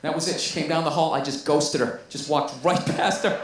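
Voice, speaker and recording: A man's voice: fairly high pitch, fairly even intonation, fairly quick. Man doing stand-up, exasperated and profane, roomy sound, distant from the mic. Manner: profane, exasperated storytelling with mock-quoted voices. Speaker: stand-up comedian. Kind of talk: stand-up routine. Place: stand-up special played back in a room. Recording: roomy, distant, noisy playback.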